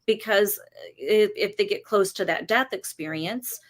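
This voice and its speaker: A woman's voice: medium pitch, measured pace. A woman and parent talking casually in a discussion, thinking aloud with fillers.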